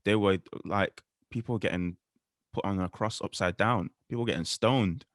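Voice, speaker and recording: A man co-hosting a podcast, talking earnestly and quoting scripture in a measured way. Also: fairly low pitch, dry recording, clean studio sound. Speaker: podcast co-host. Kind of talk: casual faith discussion.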